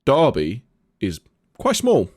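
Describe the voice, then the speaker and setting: A man's voice: mid-range voice, slow pace, breathy edge, no room sound. Young Nottingham-accented man, casual podcast co-host, swears a lot, dry close mic. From Nottingham, England. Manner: swears freely, storytelling, animated. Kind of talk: casual chat.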